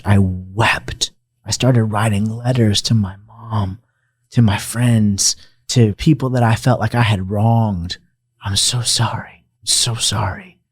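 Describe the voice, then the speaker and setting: A man's voice: on the low side, darkish tone, dry recording. A man speaking as a podcast guest, telling his personal story in a heartfelt, emotional and reflective way. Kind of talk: personal testimony in conversation.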